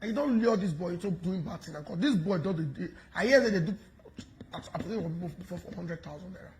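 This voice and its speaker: A Nigerian man giving mocking, animated commentary in pidgin, taunting and laughing as he talks. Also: high-pitched, fairly quick, a little hiss or hum. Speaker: online commentator.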